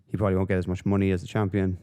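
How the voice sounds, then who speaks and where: A man's voice: low-pitched, little pitch movement, racing, dark tone, clean tone. A man hosting a solo podcast, rambling and swearing through casual commentary with lots of fillers. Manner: profane, rambling, with frequent fillers. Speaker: podcast host.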